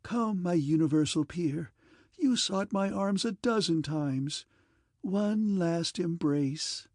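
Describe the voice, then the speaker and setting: A man's voice: high voice, slow pace, a little mellow, no room sound, clean studio sound, voice pushed up. A man doing a mocking, seductive female robot. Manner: mocking, caressing tone.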